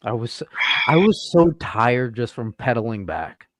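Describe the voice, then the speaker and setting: A man with a New England accent, co-hosting a fishing podcast and telling a story in casual chat, animated, with many stammered restarts. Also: medium pitch, unhurried, no room sound. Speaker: podcast co-host.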